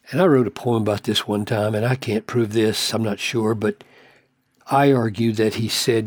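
A man preaching a sermon, asking rhetorical questions and growing emphatic as his pitch climbs high. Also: moderate pace, dry recording.

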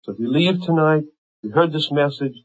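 Fervent preacher man, husky, lo-fi. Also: a little high, animated, a little fast. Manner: impassioned, rising to fervent intensity and dropping to hushed tones. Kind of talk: sermon.

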